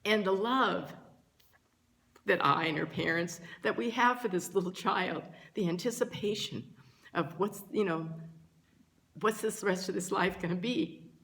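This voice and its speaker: Slow, gentle older woman teacher. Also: medium pitch, creaky. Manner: gentle, earnest, pausing often between phrases. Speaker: spiritual teacher. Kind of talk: slow reflective spiritual talk.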